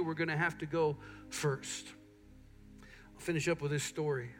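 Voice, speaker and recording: A middle-aged man preaching a sermon in a church, telling stories and acting out what people say. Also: on the high side. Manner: animated storytelling, acts out quotes. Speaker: pastor. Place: church sanctuary.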